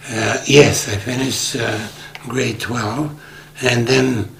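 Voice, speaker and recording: Man in his seventies, from northern Greece, gravelly voice, wry candid storyteller, oral history interview. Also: mid-range voice, steady tone, slow, a bit bright, a little hiss or hum. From Aegean Macedonia, northern Greece. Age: 70s. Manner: candid and wry, acting out old dialogues. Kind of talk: unhurried storytelling in conversation.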